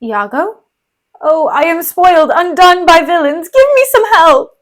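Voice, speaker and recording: A woman voicing a wounded young male lieutenant, pleading in a shrill, tearful voice. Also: expressive, a little slow.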